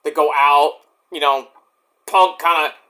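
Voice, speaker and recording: A young man giving a casual, rambling wrestling event review, excitable and profane, with sudden shouts. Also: on the high side, measured pace.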